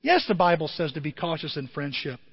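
A man preaching a sermon as pastor, animated, swinging from loud emphasis to quiet asides. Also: fairly high pitch, a little fast, husky, big-room sound, dull audio. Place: church.

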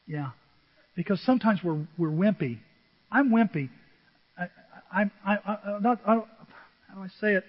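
An older male pastor delivers a sermon in a high voice, swinging from hushed asides to loud, animated storytelling. The audio is dull and muffled, carried in a long, reverberant hall. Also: moderate pace, pauses often. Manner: animated, self-deprecating storytelling with dramatic swings from soft to loud. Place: church sanctuary.

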